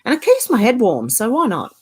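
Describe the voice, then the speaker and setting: A woman's voice: a little high, wildly swooping pitch, a little fast, darkish tone, breathy edge. A woman with an Australian accent and a smoker's cough, hosting a casual livestream chat from home, laughing often and greeting viewers by name. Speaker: channel host. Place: indoors at home, beside a filing cabinet.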